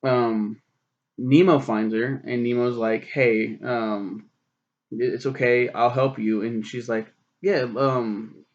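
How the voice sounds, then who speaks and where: A man's voice: mid-range voice, fairly even intonation, takes it slowly, muffled recording. A man in his twenties casually recapping a film, rambling with lots of fillers and swearing. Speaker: film reviewer.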